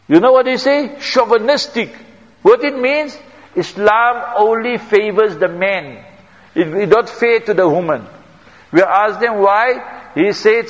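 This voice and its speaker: High-voiced South African man preaching in a hall. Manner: anecdotal, repetitive, non-standard grammar. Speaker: Islamic preacher. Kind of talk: sermon with storytelling. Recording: reverberant hall, dull lo-fi sound.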